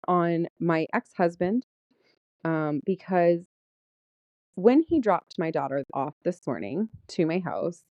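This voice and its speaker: A woman's voice: fairly low pitch, mellow, no echo. A middle-aged woman venting about her day in a candid personal vlog, frank and swearing, laughing often. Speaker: vlogger. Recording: dull lo-fi sound.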